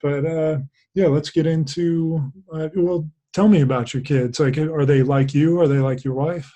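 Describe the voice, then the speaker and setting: A man's voice: on the high side, fairly even intonation, normal speed, mellow. A man hosting a podcast in casual interview chat, easygoing and affirming. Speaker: podcast host.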